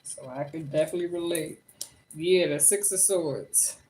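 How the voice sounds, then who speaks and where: A blunt, talkative woman in her fifties reads tarot for her viewers in a loose, chatty way. Her voice sits low for a woman, and she curses freely before laughing it off with an apology. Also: normal speed, dark tone, slight background noise. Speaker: tarot reader. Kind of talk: casual tarot reading chat.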